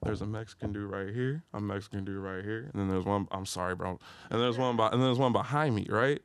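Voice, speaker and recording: A young man from Detroit, a podcast guest telling a story in casual slang and jumping into loud, high-pitched retellings. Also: fast talker, smooth, dry recording.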